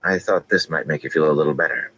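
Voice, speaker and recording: A man voicing a guarded young man in an audiobook, speaking low and muttered. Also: fairly even intonation, fast, a bit bright, breathy edge, exaggerated voice, rough recording. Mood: smooth.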